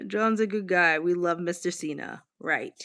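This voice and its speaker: A woman's voice: on the low side, a bit bright. A woman from Boston hosting a casual livestream, chatting candidly and reacting to viewers' comments as she reads them aloud. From Boston, United States. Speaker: livestream host.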